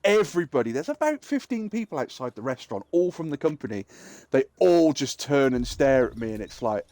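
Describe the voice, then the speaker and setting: A middle-aged man streaming a game, casually telling an animated story and acting out the people in it. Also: medium pitch, brisk, no room sound. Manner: animated, acts out quoted people, swears freely. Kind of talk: casual storytelling while gaming.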